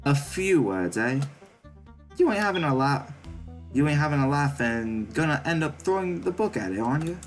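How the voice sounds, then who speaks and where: A man's voice: on the high side, sing-song, moderate pace, faint music behind, voice pushed up. A man doing Thanatos, a cocky British creature. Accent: British, put on. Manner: blunt, slangy, brushes off questions. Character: cocky male creature, blunt and streetwise.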